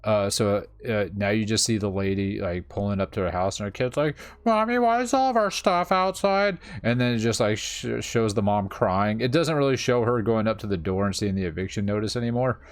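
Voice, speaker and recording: A man's voice: fairly low pitch, fairly even intonation, fairly quick, few pauses, no room sound. A man co-hosting a casual chat, blunt and sarcastic with plenty of swearing.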